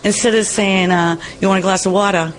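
A woman's voice: mid-range voice, fairly even intonation, brisk. A woman with a Boston accent, chatting outdoors while waiting in a casting line. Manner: chatty, laughing between phrases.

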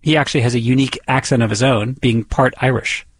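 A man's voice: mid-range voice, fairly even intonation, fast, breathy edge. A man from the Boston area, narrating a radio feature in a conversational, lightly wry tone. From Boston area, USA. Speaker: radio reporter and host.

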